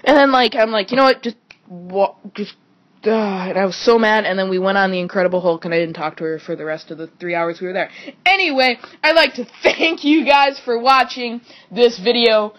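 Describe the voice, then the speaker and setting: A woman's voice: mid-range voice, brisk, highs cut off. A woman telling a rambling story to camera in a casual vlog, swearing often and filling her talk with "like". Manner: rambling, swears a lot, constant "like". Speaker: vlogger.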